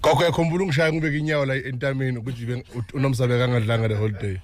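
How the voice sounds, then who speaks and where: A man's voice: medium pitch, racing. A young man, a comedian guest, talking animatedly with restarts and mixing Zulu and English. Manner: animated, laughing, stumbling restarts. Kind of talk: interview conversation.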